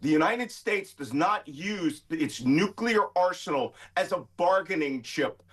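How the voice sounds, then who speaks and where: A man's voice: high voice, expressive, unhurried. A middle-aged man, a guest commentator arguing emphatically in a heated debate. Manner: emphatic, forceful.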